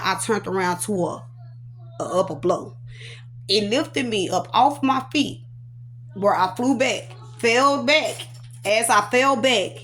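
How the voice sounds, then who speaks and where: A woman giving an animated, emotional personal testimony, acting out sound effects and repeating phrases for emphasis. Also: on the high side. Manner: animated, dramatic storyteller voicing sound effects and repetitions; casual, talks aside to her children. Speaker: survivor telling her own story.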